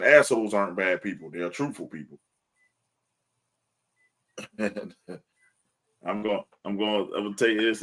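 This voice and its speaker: A man co-hosting a casual sports podcast, talking bluntly with lots of profanity and laughing often between lines. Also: on the low side. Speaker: podcast co-host. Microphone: live stream podcast mic.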